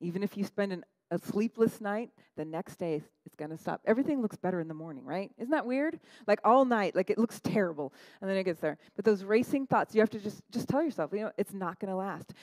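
A middle-aged woman pastor delivering a lively, conversational sermon, often tossing in "right?" to the congregation. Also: medium pitch, a little fast, hardly any pauses, no echo, poor audio. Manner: animated, conversational, frequent "right?" asides.

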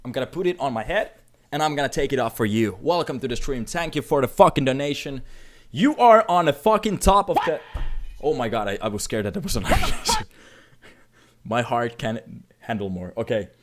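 A man from Finland, live streaming and reacting to donations, emotionally overwhelmed, swinging from shouts to mumbles and swearing constantly. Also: medium pitch, lively intonation, a little fast.

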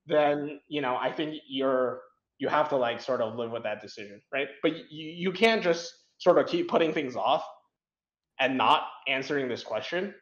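A man's voice: mid-range voice, moderate pace. Young guy talking frank and rambly, lots of um and like, echoey dull recording. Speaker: interview guest, competitive programmer. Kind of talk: casual interview chat. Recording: roomy, dull lo-fi sound.

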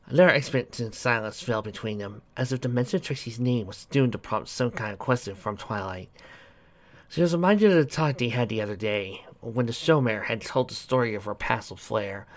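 A man's voice: mid-range voice, a little fast. A man reading fan fiction aloud steadily, with occasional playful asides.

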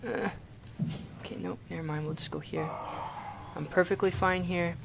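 A man's voice: on the high side, steady tone, normal speed, gravelly, background noise. A young man from Canada playing a horror game and commenting in a panicky, swearing way, often repeating himself in frantic bursts. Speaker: gaming YouTuber.

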